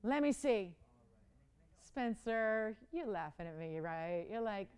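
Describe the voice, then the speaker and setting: A talkative woman hosts a live jewelry auction from a TV studio. Her voice sits a little high, and she pleads for bids in an easy, joking way with frequent laughs. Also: expressive, smooth. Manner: chatty, pleading, quick to laugh. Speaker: live shopping host.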